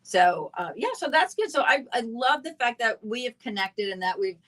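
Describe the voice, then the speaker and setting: A woman's voice: a little high, animated, moderate pace. A woman hosting a casual chat, talkative and teasing. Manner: chatty, warm teasing, laughs often. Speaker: show host.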